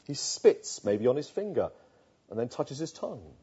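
Male preacher, earnest, rhetorical, mellow and husky; lo-fi recording. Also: mid-range voice, sing-song, moderate pace. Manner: earnest storytelling with rhetorical questions, hushed at tender moments. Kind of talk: sermon. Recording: dull lo-fi sound.

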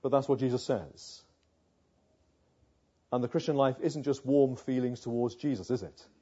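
Brief: male preacher, dark husky voice, earnest sermon delivery. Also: medium pitch, moderate pace. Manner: earnest, rhetorical questions, builds to emphatic passages. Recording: muffled lo-fi sound.

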